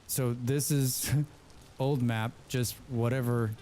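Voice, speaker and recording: This man has a medium-pitched, dark voice and a steady tone, taking his time, with slight noise in the background. In casual gameplay commentary with friends, he rambles playfully and tends to repeat himself.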